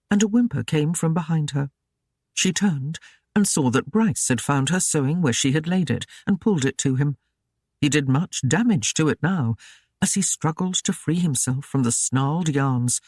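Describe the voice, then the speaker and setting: Steady audiobook narrator, dry close sound. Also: mid-range voice, normal speed, husky, no room sound. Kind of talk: scripted narration.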